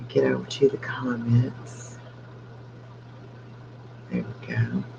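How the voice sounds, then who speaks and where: A man's voice: mid-range voice, very animated, takes it slowly, gravelly. An older man chatting casually on a late-night live stream with his dog, keeping his voice down so he won't wake the house. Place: home at night. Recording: dull lo-fi with faint hum.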